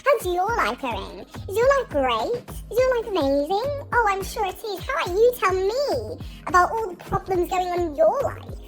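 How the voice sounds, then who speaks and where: A woman voicing her own shrill, indignant inner voice, mocking and sarcastic. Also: very animated, normal speed, music in the background.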